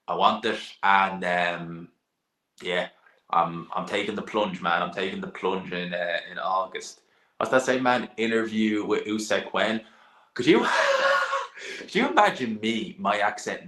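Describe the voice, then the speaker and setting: In an echoey room, a young man hosts a casual live stream, reading viewer questions and talking bluntly about boxing. His voice is lowish with a sharp tone; he's chatty, sighs and laughs, and swears now and then.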